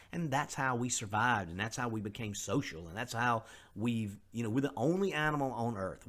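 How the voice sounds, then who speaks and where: A middle-aged man with a mid-range, slightly bright voice hosts a podcast. He speaks earnestly and conversationally, openly owning up to his faults in a candid motivational monologue.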